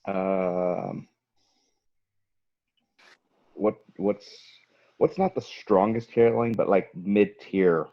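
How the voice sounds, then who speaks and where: Male player, low-pitched, hesitant, muffled online-call audio. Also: steady tone, very slow, pauses often. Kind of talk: tabletop game play over a call.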